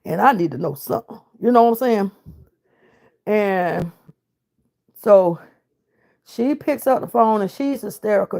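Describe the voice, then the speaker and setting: Gravelly-voiced woman telling a grief story. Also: mid-range voice, lively intonation, a little slow, pauses often, darkish tone. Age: middle-aged. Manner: emotional, recounts with reenacted dialogue. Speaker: grieving mother. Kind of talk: personal storytelling.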